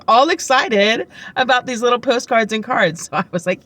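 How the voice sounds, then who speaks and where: A woman's voice: mid-range voice, normal speed, hardly any pauses, fairly bright tone, slight background noise. A woman vlogging to camera, telling chatty, rambling stories full of fillers, upbeat and heartfelt. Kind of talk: casual chat to camera.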